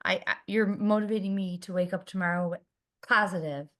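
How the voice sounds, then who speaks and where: A woman's voice: medium pitch, fairly even intonation, fairly quick, a bit bright. A woman co-hosting an interview, chatting in a bubbly, enthusiastic way. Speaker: co-host. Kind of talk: casual interview chat.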